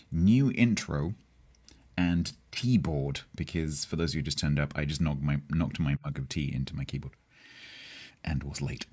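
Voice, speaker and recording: Very deep-voiced Southeast English man. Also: a little mellow, breathy edge. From Southeast England. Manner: rambling, chatty, with hesitations and laughs. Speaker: game streamer. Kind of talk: casual live-stream chat with viewers.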